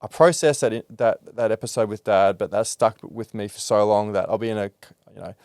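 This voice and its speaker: A man's voice: lowish voice, fairly even intonation, fairly quick, darkish tone, no room sound, studio quality. A man hosting a podcast, talking openly and reflectively about emotional experiences in a loose conversational way. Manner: candid and reflective, with frequent fillers and restarts. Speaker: podcast host.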